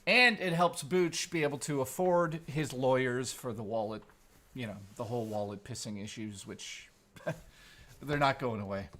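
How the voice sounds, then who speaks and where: A man with a mid-range voice hosts a live stream against a noisy background, speaking at normal speed. He chats casually with viewers, animated and playful, swapping crude jokes with the chat.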